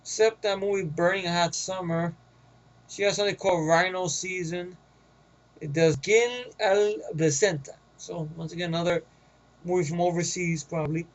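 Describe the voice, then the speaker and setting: A man's voice: high-pitched, steady tone, normal speed, rough recording. A man with a New York accent giving a rambling, profane, casual movie review, often getting sidetracked.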